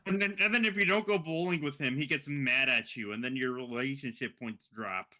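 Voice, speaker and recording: A man's voice: mid-range voice, a little fast, pushed and bright. A young man co-hosting a casual gaming podcast, laughing and swearing freely as he talks. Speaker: podcast co-host.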